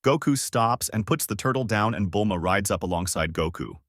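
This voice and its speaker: A man reading a fan-made adventure story aloud in an animated way. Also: fairly low pitch, moderate pace, few pauses, no echo, studio quality.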